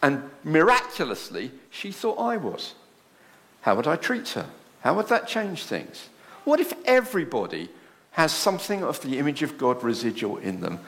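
Preaching a sermon in church, this man puts rhetorical questions to the congregation and takes on dramatic voices for the people he quotes. His slightly high, somewhat bright voice swings hugely in pitch at a moderate pace.

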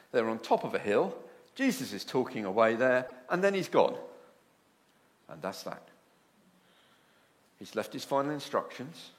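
A man preaching a sermon, telling stories with lively asides. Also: fairly low pitch. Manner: animated storytelling with acted asides.

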